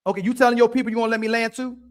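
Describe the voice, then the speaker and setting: A man's voice: extremely high pitch, steady tone, racing. A man hosting a live debate show, insistently repeating his questions and pressing a guest who talks over him. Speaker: host.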